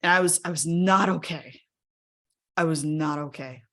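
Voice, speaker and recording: Candid woman sharing her story, lowish voice. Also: moderate pace, a bit bright. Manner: candid, conversational, often asks the audience "right?". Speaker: speaker sharing a personal story. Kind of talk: live webinar talk. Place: her home workspace. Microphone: video call.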